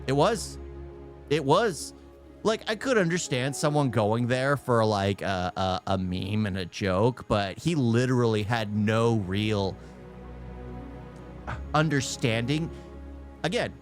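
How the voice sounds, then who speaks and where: A man casually reacting to news clips, animated and stammering, laughing often. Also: medium pitch. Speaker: reaction streamer.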